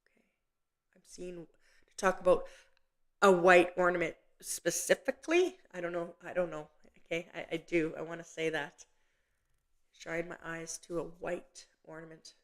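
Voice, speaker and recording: A woman hosting a live psychic medium session, talking gently and haltingly with many pauses and restarts. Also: fairly low pitch. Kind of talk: live online reading.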